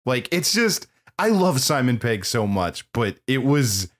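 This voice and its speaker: A male podcast co-host talking through a film review in loose, casual chat. His pitch swings widely up and down as he gets worked up, and he often breaks into laughter between his opinions. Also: unhurried. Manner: animated, laughing, opinionated, with frequent restarts.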